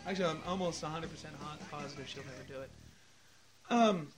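A man's voice: on the high side, quick pace. A married man co-hosting a podcast, chatting loosely and cursing freely between laughs. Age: adult, married. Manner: profane, laughing, loose banter. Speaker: podcast co-host. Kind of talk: casual podcast chat.

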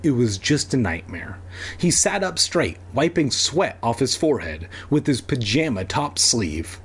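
A man's voice: medium pitch, a little slow, breathy edge. A young man reading a children's horror story aloud as host, breaking off for joking asides. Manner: lively, joking, swears in asides.

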